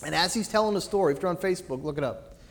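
In a church, a preacher with a high, animated voice delivers a very fast sermon. He swings from loud, emphatic phrases to soft, low asides, and his words trail off into the hall's long echo.

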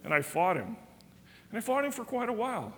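A man's voice: high voice, sing-song, brisk, a bit bright. A man teaching a Bible study in a church, earnest and folksy, telling stories. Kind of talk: sermon. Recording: reverberant church hall.

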